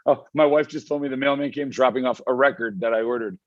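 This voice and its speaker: A man chats eagerly from his home, circling back and restarting his thoughts as he goes. His voice sits at an ordinary pitch. The remote audio comes through slightly dull. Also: steady tone, fast, no echo. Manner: rambling, enthusiastic, frequent restarts. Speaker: magazine editor guest. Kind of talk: casual interview chat. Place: home with dog and wife nearby.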